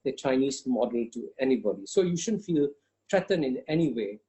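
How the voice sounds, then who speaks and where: A man's voice: medium pitch, expressive, a little fast, warm tone. A man giving an interview answer, emphatic and insistent, repeating phrases for stress and pressing his argument. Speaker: interview guest.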